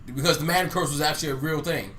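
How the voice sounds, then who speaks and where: A man with a high, bright voice who argues his point in an animated, playful way. He co-hosts a casual sports podcast, with faint noise behind him. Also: racing. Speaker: podcast co-host.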